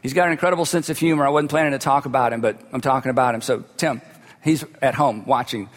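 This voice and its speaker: A man's voice: medium pitch, fast. A man preaching a sermon as a pastor, telling stories in a conversational way with humorous asides. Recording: long hall reverb.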